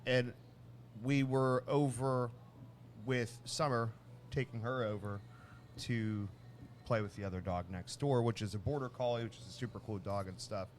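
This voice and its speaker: Guy cohosting a chill podcast, rambles and restarts a lot, mid pitch. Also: normal speed, slight background noise. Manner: rambling, restarts often, animated when telling a story. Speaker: podcast co-host. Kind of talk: casual chat, storytelling.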